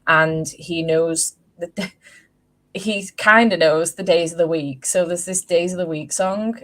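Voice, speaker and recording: A woman's voice: lowish voice, steady tone, unhurried. A woman, telling stories in a casual chat and swearing freely. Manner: chatty storyteller, swears casually. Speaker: host.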